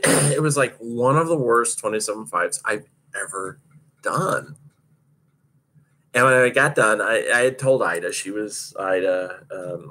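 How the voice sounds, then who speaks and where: A roller derby skater with a medium-pitched, fairly bright voice casually tells the story of a hard practice. He laughs often and swears freely throughout the monologue.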